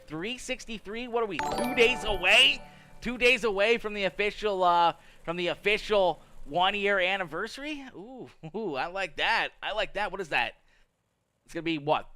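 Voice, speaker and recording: Bright, excitable young man calling races. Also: fairly high pitch, clean tone. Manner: excitable, hypes viewers, loud shouts at donations. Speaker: sim racing commentator and streamer. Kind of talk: live race commentary mixed with chat shout-outs.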